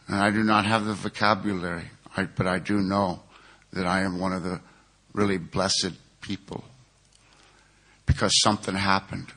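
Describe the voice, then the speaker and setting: A man's voice: low voice, flat delivery, normal speed, pushed and bright. A man from California giving an earnest, plain-spoken personal recovery testimony at a 12-step conference.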